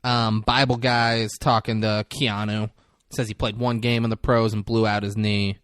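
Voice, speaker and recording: A man's voice: fairly low pitch, flat delivery, normal speed, fairly bright tone, no room sound, studio quality. A man co-hosting a podcast, telling a movie scene in a rambling, profane, casual way. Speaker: podcast co-host. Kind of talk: casual movie recap chat.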